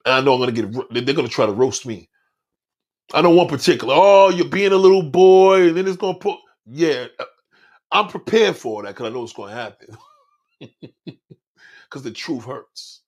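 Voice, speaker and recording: A man's voice: medium pitch, lively intonation, moderate pace, pauses often, slightly rough, lo-fi sound. A man hosting his own podcast, talking in a blunt, profane, preachy monologue straight to his listeners. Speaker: podcast host. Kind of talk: casual monologue on a livestream.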